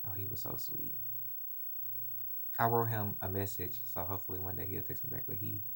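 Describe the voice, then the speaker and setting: A man's voice: low voice, fairly quick, vocal fry. A young adult man earnestly telling a personal story in a confessional vlog, recorded on a phone. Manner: earnest, animated, emotional retelling. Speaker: vlogger.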